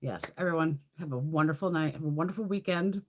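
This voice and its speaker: An American makeup livestream host speaks fast in a low, darkish voice, with slight background noise in the recording. Reading viewer comments in a casual chat, she stays blunt, laughs often and swears heavily.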